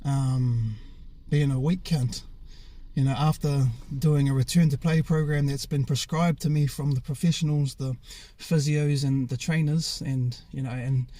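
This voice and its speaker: A man's voice: medium pitch, fairly even intonation, measured pace, mellow, dry recording. A young man with a New Zealand accent, telling his own story in a frank, casual way, with many fillers and restarts and some swearing. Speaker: former rugby player. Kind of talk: candid personal storytelling.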